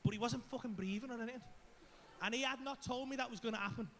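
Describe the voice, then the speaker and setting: High-voiced stand-up comedian. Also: male voice, fast talker, slight background noise. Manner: animated, profane, acts out voices and screams. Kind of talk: stand-up storytelling.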